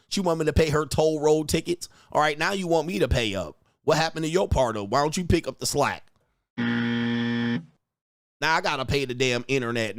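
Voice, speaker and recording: Profane ranting man, higher voice. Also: no echo, studio quality. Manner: loud, mocking, profane, swings into high shouting rants. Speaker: online dating coach and host.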